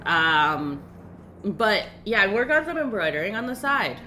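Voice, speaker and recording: Young woman rambling on a game stream, pitch bouncing all over, laughs a lot. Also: animated, sharp tone, faint music behind. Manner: chatty, rambling, quick to laugh. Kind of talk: casual game-stream chat.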